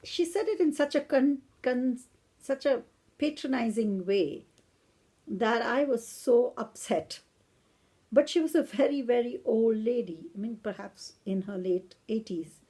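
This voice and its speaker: A woman's voice: on the high side, a little slow, mellow, slightly rough. A woman from India, hosting a podcast and lecturing on philosophy in a reflective, storytelling way. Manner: reflective, storytelling, with a few self-corrections. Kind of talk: lecture-style podcast talk.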